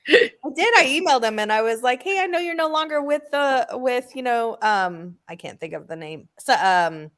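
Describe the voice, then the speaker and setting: A woman hosting a casual online chat, telling stories with lively asides and putting on loud voices for the people she quotes. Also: on the high side, moderate pace. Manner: chatty storyteller, acts out loud voices in quotes. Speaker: host.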